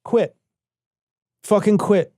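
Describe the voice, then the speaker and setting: A podcast co-host in casual political chat, blunt and profane, repeating lines for emphasis. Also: male voice, high-pitched, slow pace, warm tone, no echo, clean studio sound.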